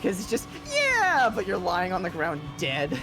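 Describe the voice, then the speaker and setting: A man's voice: high-pitched, moderate pace, over music. A man chatting casually and rambling as he streams a racing game, laughing often. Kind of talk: casual gaming chat.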